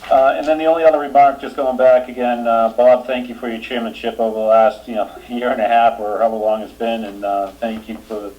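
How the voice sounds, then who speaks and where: A man with a Boston accent chairing a town meeting, reading announcements steadily and trailing off quietly. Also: medium pitch, level tone, fairly quick, hardly any pauses, highs cut off. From Boston area. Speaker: board chair.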